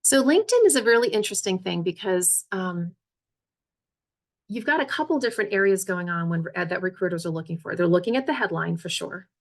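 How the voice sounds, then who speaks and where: A woman's voice: lowish voice, lively intonation, brisk. A woman presenting a career webinar as a resume coach, talking casually and checking in with her listeners often.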